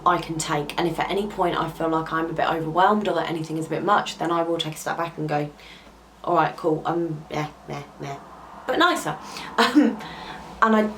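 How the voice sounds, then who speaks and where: A young woman talks straight to camera in a low, candid voice, earnest and confiding. She pauses often on soft ums and sometimes sounds close to tears. A faint hum of background noise sits under her. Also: poor audio. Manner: heartfelt and confiding, with hesitant ums. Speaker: vlogger. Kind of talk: candid personal talk to camera.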